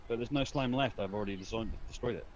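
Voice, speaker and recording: A man's voice: medium pitch, quick pace, a little mellow, slight background noise, low-quality recording. A man playing a tabletop game, casually declaring his character's actions. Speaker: player.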